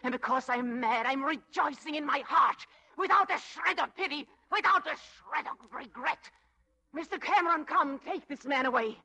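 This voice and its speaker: A woman's voice: sits high, lively intonation, normal speed, pushed and bright, exaggerated voice. An actress playing a wife turning coldly on her captive husband, in 1940s radio acting. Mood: feverish. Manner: bitter, mocking, feverish.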